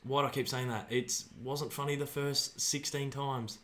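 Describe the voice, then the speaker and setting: A young Australian man hosting a livestream, giving excitable watch-along commentary on a football match and chatting with viewers. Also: medium pitch, normal speed. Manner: excitable, shouts at play, banters with chat. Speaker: livestream host.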